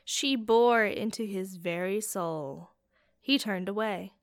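Woman audiobook narrator, unhurried, dramatic fantasy reading. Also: medium pitch. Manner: slow, measured and dramatic.

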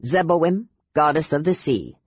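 A woman's voice: low voice, expressive, measured pace, husky, no room sound, full character voice. A woman voicing a superstitious, grave middle-aged ship captain in an audiobook, with a dull lo-fi sound. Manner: grave, respectful.

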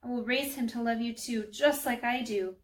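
A woman's voice: fairly high pitch, steady tone, moderate pace, voice pushed up, close to an everyday voice. A woman reading a children's storybook aloud, voicing a devout, sorrowful woman who speaks earnestly and pleadingly.

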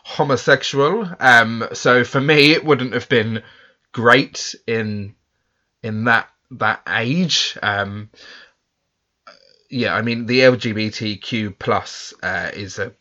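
A man from England hosts a casual podcast chat with a bright, lively tone. He talks in loose, self-deprecating asides and fills gaps with ums and restarts. The sound is dull and lo-fi. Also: mid-range voice, slow. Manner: chatty, self-deprecating, many fillers. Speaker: podcast host.

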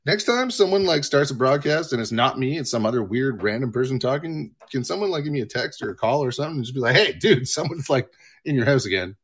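A man's voice: medium pitch, expressive, quick pace, hardly any pauses, slightly rough. A man hosting his own livestream from home, rambling casually with profanity and self-mocking asides. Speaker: livestream host.

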